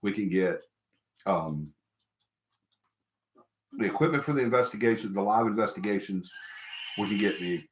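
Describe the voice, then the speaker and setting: A man's voice: on the low side, normal speed, long pauses, slight background noise. A middle-aged man hosting a casual live stream, talking to viewers in a rambling, emphatic way and repeating himself. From American South. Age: middle-aged or older. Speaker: host of a paranormal live stream. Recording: echoey room.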